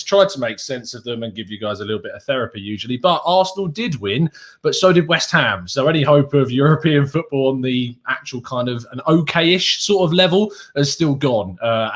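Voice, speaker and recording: A man's voice: mid-range voice, a bit bright. A man with an English accent hosting a casual football podcast, upbeat and chatty, laughing often. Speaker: podcast host.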